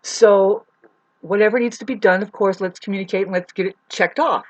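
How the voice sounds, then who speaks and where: A woman's voice: mid-range voice, fairly even intonation, brisk, highs cut off. A woman telling a personal story to camera as a vlogger, rambling and restarting, heated and swearing. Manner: rambling, repeats herself, restarts often.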